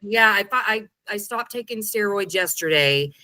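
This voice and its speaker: A woman in her forties, a podcast guest, who is a bit congested and tells stories in an animated, chatty way. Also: medium pitch, normal speed, no room sound. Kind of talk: casual conversation.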